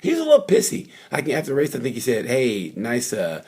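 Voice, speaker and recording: Rapid-fire and creaky, a mid-range male voice swoops wildly in pitch, with a darkish, slightly rough tone. He's a vlogger at the race circuit, casually recapping motorcycle races off the cuff, chatty and rambling with lots of fillers and asides.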